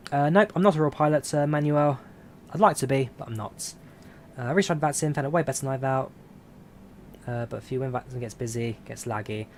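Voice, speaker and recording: Casting: easygoing male streamer at mid pitch, rambling through chat questions with a faint hum underneath. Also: brisk. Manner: relaxed, rambling, answers viewer questions. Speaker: flight sim streamer. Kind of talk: casual live-stream chat.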